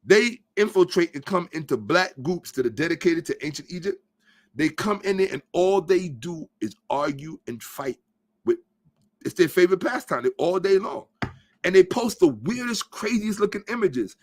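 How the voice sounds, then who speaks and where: A man's voice: high voice, lively intonation, normal speed. A man hosting a podcast, giving a blunt, profane, emphatic commentary monologue and lecturing his listeners. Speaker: podcast host. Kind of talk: ranting social commentary monologue.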